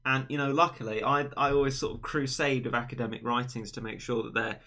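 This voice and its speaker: Bright-voiced chatty young man streaming. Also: medium pitch, steady tone, quick pace. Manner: chatty, rambling, playful teasing. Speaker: livestream host. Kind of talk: casual livestream chat.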